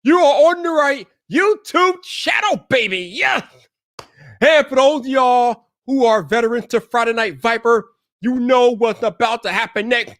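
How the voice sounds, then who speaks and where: High-voiced loud hype-man streamer. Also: no room sound, clean studio sound. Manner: loud hype-man shouting, drawn-out cheers. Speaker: live stream host. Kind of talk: hyped live stream talk.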